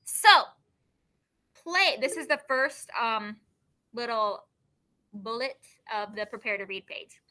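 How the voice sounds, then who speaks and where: A woman teaching a class in a very bright, sharp voice. She explains ideas through everyday examples and keeps checking that the students follow. Her directions to the room are firm. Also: a little high, animated, slow pace, long pauses. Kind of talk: classroom lesson.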